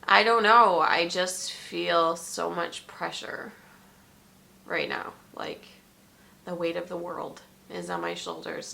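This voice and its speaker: Woman vlogger, low pitch, gravelly, tearful and halting. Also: sharp tone, slight background noise. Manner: emotional, tearful, halting with many ums. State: fighting back tears. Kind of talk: personal vlog confession.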